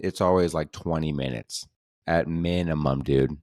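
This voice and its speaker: A low-voiced man hosts a comedy podcast and tells a rambling, exasperated story. He swears freely and circles back on his points. The sound is dry and close. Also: fairly even intonation, normal speed, darkish tone, no room sound.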